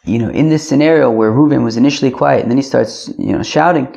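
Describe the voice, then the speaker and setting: A man's voice: medium pitch, fast talker, mellow, highs cut off. A man teaching a casual Talmud class, loose and chatty, sprinkling in Yiddish and Aramaic terms. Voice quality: gravelly.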